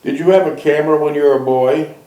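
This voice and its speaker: A man hosting an interview, firing off brisk questions and answering with short acknowledgments. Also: on the high side, fairly even intonation, mellow, roomy sound, rough recording. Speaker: interviewer, show host. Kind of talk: reading aloud and asking interview questions.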